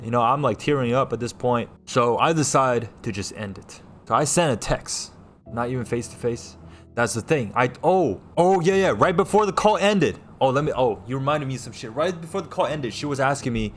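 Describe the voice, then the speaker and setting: A young man from New York, livestreaming and telling a personal story to his chat in a rambling way, loud one moment and hushed the next. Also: medium pitch, slight background noise.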